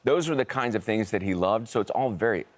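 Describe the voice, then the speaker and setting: An American man, a guest actor, chatting animatedly and self-deprecatingly in an interview. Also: on the low side. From United States. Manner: animated storyteller, self-deprecating, quick laughs. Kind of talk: casual interview chat.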